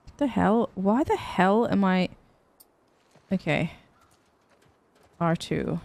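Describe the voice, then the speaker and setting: A woman hosting a gaming channel, chatting casually and reacting playfully as she plays. She talks at an unhurried, drawn-out pace with a mid-range voice, tossing out jokes between moments of gameplay. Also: mid-range voice, animated, gravelly, a little mellow. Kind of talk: casual let's-play commentary.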